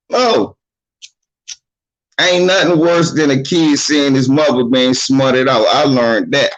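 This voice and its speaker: A man's voice: medium pitch, poor audio. A man giving blunt, profane, streetwise advice in a casual monologue, acting out the voices of the people he talks about. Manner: acts out quoted voices of others.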